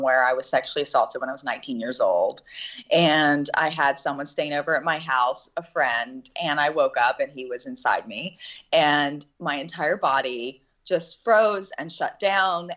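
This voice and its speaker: A woman with a fairly low voice tells a personal story in an earnest, halting way. She stops and restarts often and laughs nervously. The recording sounds slightly muffled and dull. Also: fairly bright tone. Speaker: actress and interview guest.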